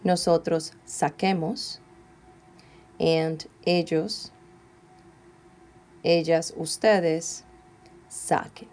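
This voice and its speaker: Slow-talking lady teacher going over verb endings step by step, kinda low voice. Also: darkish tone. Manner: slow, careful dictation of verb forms. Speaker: Spanish teacher. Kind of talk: classroom grammar lesson.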